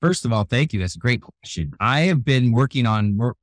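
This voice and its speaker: An older man with gray hair, a youth keynote speaker, telling animated stories in a radio interview. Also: medium pitch, brisk, no echo. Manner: energetic, animated storyteller who acts out quotes. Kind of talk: storytelling interview talk. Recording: dry close sound, radio show.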